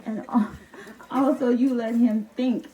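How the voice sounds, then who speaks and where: A woman's voice: a little high, fairly even intonation, measured pace, warm tone, lo-fi sound. A woman speaking as the groom's sister, emotional and teasing in a casual wedding toast. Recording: toast over background noise.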